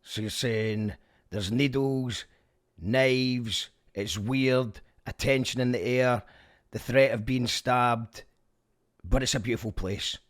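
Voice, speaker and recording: A male radio show host reads scripted links between clips in a dry, deadpan way. His pitch sits in the middle for a man. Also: slow pace. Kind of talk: scripted presenter link.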